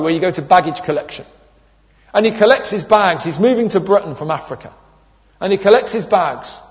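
A man's voice: high voice, darkish tone. A man in his thirties preaching a sermon, telling humorous stories and acting out the quotes. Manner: humorous storytelling with acted quotes. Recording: dull echoey hall.

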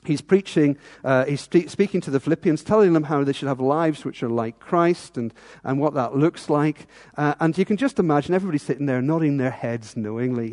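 A man with a high voice preaches a sermon from the pulpit, earnest and searching. He leans on rhetorical tag questions and sometimes sinks into a hushed tone. His words ring out with the long reverb of a church hall. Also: expressive, moderate pace.

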